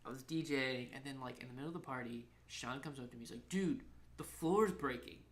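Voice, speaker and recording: Excitable young man telling a wild story. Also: mid-range voice, fast talker, reverberant, slight background noise. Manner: rambling, profane, excitable storyteller who acts out quotes. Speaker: podcast co-host. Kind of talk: casual storytelling chat.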